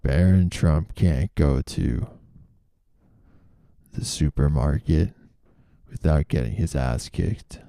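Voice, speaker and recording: A man hosting a comedy talk show, roasting the news in a sardonic, deadpan monologue. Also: a bass voice, slow, gravelly, pauses often, dry recording, clean studio sound. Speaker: comedian host. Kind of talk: comedic current-events monologue.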